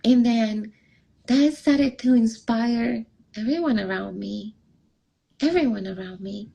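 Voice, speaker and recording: A woman's voice: fairly high pitch, slow, creaky, breathy edge, lo-fi sound. A young adult woman, a relationship coach, telling a personal story in an interview and acting out the dialogue in it. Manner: animated, acts out quoted dialogue with raised voice. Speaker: relationship coach, podcast guest.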